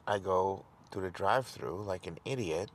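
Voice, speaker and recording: A deep-voiced young man, heard over a little hiss or hum, tells a rambling, self-deprecating story to the camera at a moderate pace. In this casual storytelling vlog he stumbles and repeats words, emotional, his voice falling.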